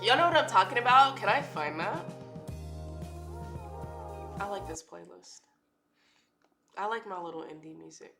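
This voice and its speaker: A woman's voice: mid-range voice, lively intonation, normal speed, long pauses. A woman streamer with a stuffy nose, chatting casually and swearing often. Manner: chatty, swears a lot, says "dude" often. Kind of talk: casual chat. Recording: echoey room with music playing.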